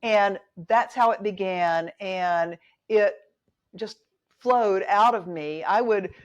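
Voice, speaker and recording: A woman's voice: mid-range voice, dull audio. A middle-aged woman and author, a podcast guest, telling her story in a candid, chatty way and acting out the quoted dialogue. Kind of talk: casual storytelling interview.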